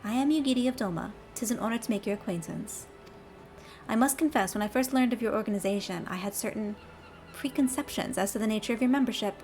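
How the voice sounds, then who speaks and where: A woman's voice: fairly high pitch, fast talker, darkish tone, faint music behind, close to an everyday voice. A woman voicing a dignified female ninja from afar, with stately, old-fashioned formal speech, reading game dialogue aloud. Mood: earnest formal.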